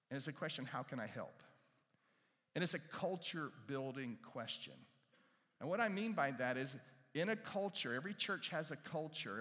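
A male pastor preaching a sermon, animated, repeating key phrases and asking the crowd questions, dropping to hushed asides. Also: mid-range voice. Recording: long reverb from a large hall.

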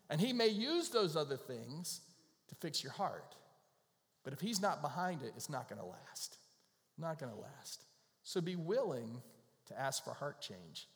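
A pastor preaching a sermon, telling stories in a conversational way. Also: male voice, mid-range voice. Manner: conversational storyteller. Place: church sanctuary. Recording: long reverb of a large hall.

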